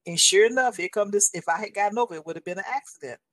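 A woman in her sixties sharing a faith testimony in a casual, animated and emphatic way, often calling the listener honey. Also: mid-range voice, rapid-fire, no echo. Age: 60s.

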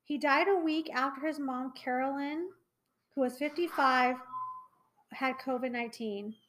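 Young woman, high voice, rambly podcast cohost, lots of ums and likes. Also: a little slow, a bit bright, poor audio. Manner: chatty, many fillers and trailing restarts. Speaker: podcast co-host. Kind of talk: casual chat.

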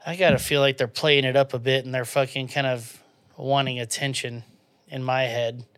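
Profane joking podcast host. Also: male voice, mid-range voice, level tone, normal speed, fairly bright tone, smooth, no room sound. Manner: profane, joking, laughs often. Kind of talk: casual podcast banter.

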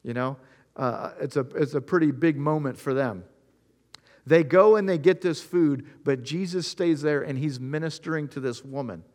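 Earnest storytelling male pastor, slightly high. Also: normal speed, darkish tone. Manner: storytelling, acting out Bible scenes in quoted voices; earnest, addresses listeners directly. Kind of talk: sermon.

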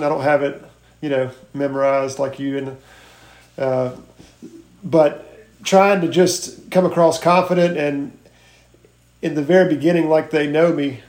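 A man sharing sales tips on a group video call, earnest and halting as he reads from his notes. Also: a little high, a little mellow, reverberant.

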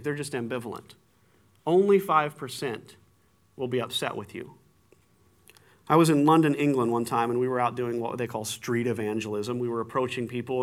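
Man, sermon delivery, bright tense tone, higher pitched, lively storytelling. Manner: animated storytelling, acts out shouting with big jumps in pitch. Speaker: pastor.

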